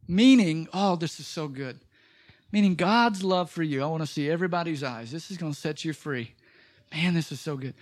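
Pastor, male, high voice, animated sermon delivery with big dynamic swings. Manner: animated, swings from loud exclaiming to soft emphatic lines. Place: church.

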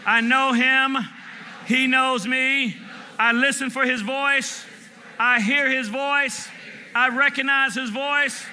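A man in his fifties preaching a sermon from Michigan, shouting call-and-response lines and chanting repeated words. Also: very high voice, a little hiss or hum. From Michigan, USA. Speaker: pastor.

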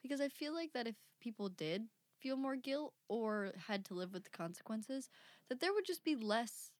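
A woman with a slightly high voice co-hosts a relaxed podcast chat. She drops blunt, joking asides into the conversation. The recording is dry and close-miked. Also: moderate pace, dry recording. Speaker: podcast co-host. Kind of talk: casual chat.

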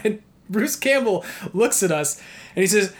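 A man from New York telling a story in casual chat, animated and laughing often, with many "like" fillers. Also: high-pitched, measured pace. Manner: heavy use of "like" as filler.

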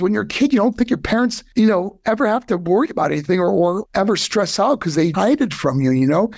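Gravelly earnest man telling a story. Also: expressive, quick pace, hardly any pauses, no echo. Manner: earnest, voice rising high when moved. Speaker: guest. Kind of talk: emotional personal storytelling.

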